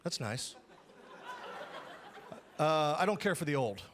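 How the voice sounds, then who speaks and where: A man doing a stand-up comedy routine on a live stage, loud and exaggerated, often shouting his punchlines. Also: fairly high pitch, big pitch swings, slow pace. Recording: live stage mic, crowd laughter and noise. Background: audience laughing.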